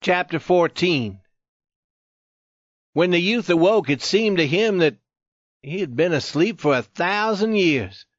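Male audiobook narrator, measured, dry dull lo-fi recording. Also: high voice, lively intonation, dry recording. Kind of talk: scripted narration.

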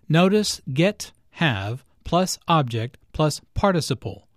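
Slow, deliberate male lesson narrator. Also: fairly high pitch, expressive, dry recording, studio quality. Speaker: language teacher narrator.

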